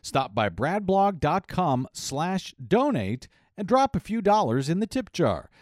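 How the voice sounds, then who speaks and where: A man's voice: sits high, sing-song, measured pace, darkish tone, no room sound, clean studio sound. A man hosting a political talk radio show, emphatic and indignant, often repeating his phrases.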